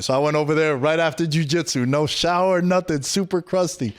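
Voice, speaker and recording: Lively New York man telling a story. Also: a little high, fast talker, few pauses, dry recording, clean studio sound. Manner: animated, swears casually, slangy. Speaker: podcast host. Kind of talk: casual storytelling chat. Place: podcast studio.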